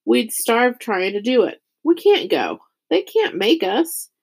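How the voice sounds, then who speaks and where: A woman reading a worried, earnest young boy in a storybook, pitched a little higher than her narration. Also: very animated, slow, darkish tone, slightly rough, exaggerated voice. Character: earnest boy hero, anxious and questioning.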